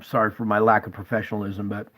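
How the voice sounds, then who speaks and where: A man's voice: fairly low pitch, level tone, fast, a bit bright, a little hiss or hum, poor audio. A man hosting his own channel, speaking urgently and emotionally straight to his viewers, tearful at times. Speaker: channel host.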